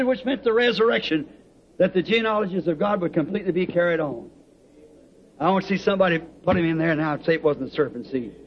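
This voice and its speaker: A man's voice: sits high, fast, a little hiss or hum. A man preaching a sermon to a congregation, fervent and rhythmic, telling stories with chuckles. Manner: fervent, rhythmic, storytelling with laughs. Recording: dull lo-fi old tape recording.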